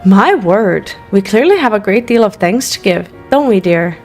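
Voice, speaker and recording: A woman's voice: medium pitch, lively intonation, moderate pace, a little mellow, lightly acted. A woman reading a polite young woman scholar's game dialogue aloud in her own voice, with faint game music behind.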